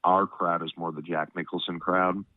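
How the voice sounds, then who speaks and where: A very deep-voiced man with a stuffed-up nose rambles through casual chat, filling every pause with "you know what I mean". He sounds tinny and phone-like, close and dry with no room around him. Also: level tone, no room sound. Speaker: podcast host.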